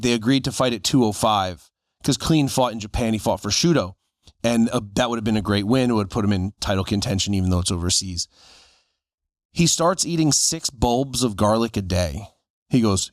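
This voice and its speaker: Animated storytelling man, dry close sound. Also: on the low side, moderate pace, dry recording. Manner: animated storyteller acting out quoted voices. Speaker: podcast co-host. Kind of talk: casual storytelling chat.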